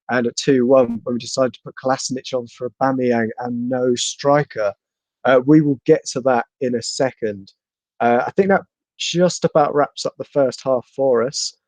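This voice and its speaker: Jokey Bristol-accented podcast host. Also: male voice, medium pitch, darkish tone, no echo. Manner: jokey, reads out viewer donations. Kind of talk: live football podcast chat.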